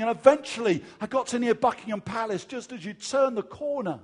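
An English man preaching a sermon, telling a personal story with lively acted-out voices. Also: high-pitched, fairly quick, few pauses. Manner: animated storyteller, acts out crowd voices.

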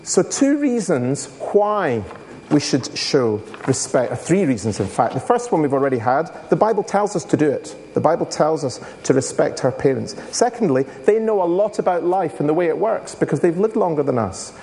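A man's voice: on the high side, very animated, moderate pace, darkish tone, a little hiss or hum. Man, assembly speaker, storytelling style, reverberant hall. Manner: storytelling, addresses audience with questions. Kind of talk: school assembly talk.

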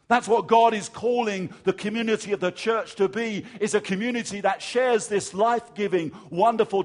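An English man preaching a sermon, telling a personal story with lively acted-out voices. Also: sits high. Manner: animated storyteller, acts out crowd voices.

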